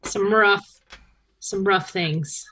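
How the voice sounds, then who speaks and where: A woman co-hosting a podcast on a video call, relaxed and chatty. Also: mid-range voice, drawn-out words. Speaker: podcast co-host. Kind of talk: casual chat.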